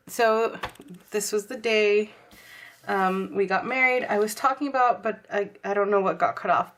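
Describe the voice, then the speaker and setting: A young woman from Texas, slightly hoarse, chatting casually to viewers about her planner and filling her talk with likes and ums. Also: medium pitch. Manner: chatty, many fillers, addresses viewers as y'all. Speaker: planner vlogger.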